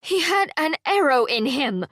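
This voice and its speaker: A woman voicing an indignant, excitable young housekeeper in an audiobook, pitched high and alarmed. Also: unhurried, no room sound, clean studio sound, heavily acted. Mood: indignant frantic. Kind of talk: audiobook character voice.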